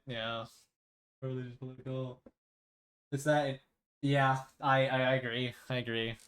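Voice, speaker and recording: A man chatting casually with his stream viewers as a live streamer, rambling and acting out quoted exchanges. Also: mid-range voice.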